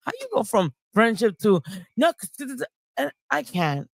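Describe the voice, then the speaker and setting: A woman's voice: fairly high pitch, sing-song, a little fast, gravelly, no echo. Woman on stream roasting somebody, blunt n sweary, dry mic. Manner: blunt, mocking, heavy swearing. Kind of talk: casual livestream chat.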